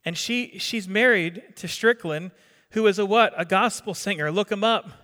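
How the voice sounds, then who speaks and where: A man's voice: sits high, normal speed, bright, forceful tone. A middle-aged man from New Jersey preaching a sermon in a conversational way, quizzing the congregation and repeating his words. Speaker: pastor. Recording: long reverb of a hall.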